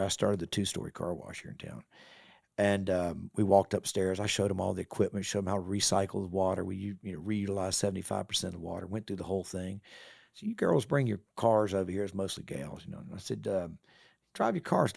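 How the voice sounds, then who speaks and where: A man's voice: deep voice, vocal fry, darkish tone, breathy edge, no room sound, studio quality. A middle-aged man, a car wash owner telling a story on a podcast and acting out both sides of the conversation. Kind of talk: casual storytelling interview.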